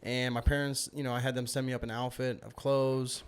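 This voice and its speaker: A man recounting a personal story in casual conversation, animated and acting out quoted lines with bursts of laughter. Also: medium pitch, a little fast, smooth. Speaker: guest.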